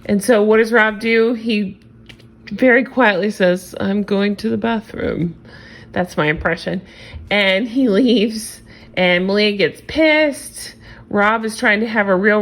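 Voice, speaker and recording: A woman hosting a casual reality-show recap, opinionated and sarcastic, often exasperated. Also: mid-range voice. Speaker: recap host.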